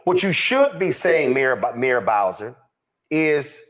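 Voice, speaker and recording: A man's voice: very animated, takes it slowly, fairly bright tone. A man in a played clip giving impassioned political commentary, growing indignant and preachy as he speaks. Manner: indignant, rising to a preachy pitch.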